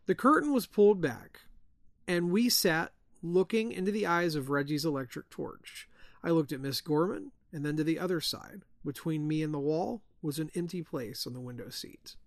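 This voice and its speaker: Guy reading a spooky story real quiet, kinda high voice, dry mic. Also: moderate pace, creaky, no echo. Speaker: podcast host. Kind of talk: reading a ghost story aloud.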